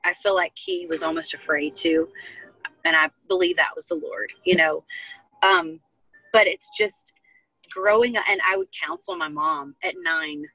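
A woman's voice: on the low side, measured pace, vocal fry, pushed and bright, poor audio. A young woman talking as a guest, telling her personal testimony in an earnest, heartfelt way. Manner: earnest, heartfelt storytelling with many fillers. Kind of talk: personal testimony in casual chat.

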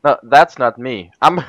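Teasing young man with lively pitch. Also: noisy background. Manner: joking, teasing, laughs often. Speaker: co-host chatting on a voice call. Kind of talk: casual chat over a game. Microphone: computer mic on a voice call.

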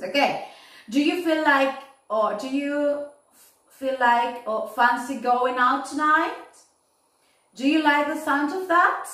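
Slow, patient woman teaching English. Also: on the high side, a bit bright. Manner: slow, repeats "yes?" and "okay?" to check understanding. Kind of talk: recorded online lesson. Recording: echoey room, voice from far off.

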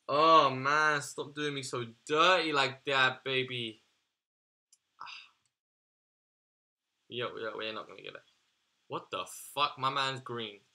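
A man's voice: mid-range voice, vocal fry, pushed and bright. A young man giving casual, exasperated gaming commentary, swearing and slangy as he reacts. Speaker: gaming YouTuber.

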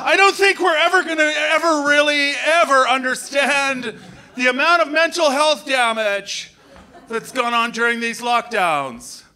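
A man from Canada doing live stand-up comedy, shouting and slipping into silly put-on voices and accents. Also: extremely high pitch, measured pace.

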